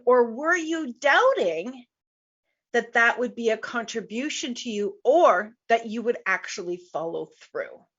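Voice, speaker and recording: With the high frequencies cut off, the clip carries a woman's slightly high, fairly bright voice. As host of a live online business-coaching show, she speaks with emphasis, laughs easily, and returns to her key points repeatedly.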